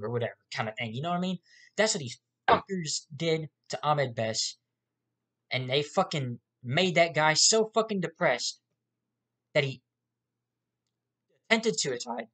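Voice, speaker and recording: A man's voice: on the high side, a bit bright. A man ranting angrily to camera as a YouTuber, profane, heated and repetitive. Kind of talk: angry rant to camera.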